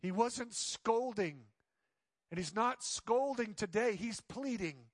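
Male pastor, higher voice, dry close sound, animated sermon storyteller who acts out quotes. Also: takes it slowly, no echo. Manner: drops to soft pleading tones.

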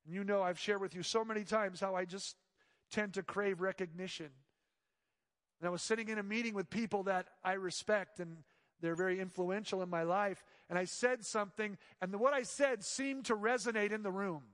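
A man preaching a sermon as pastor, swinging between loud emphatic lines and hushed soft ones. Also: high voice, fairly even intonation, moderate pace, big-room sound.

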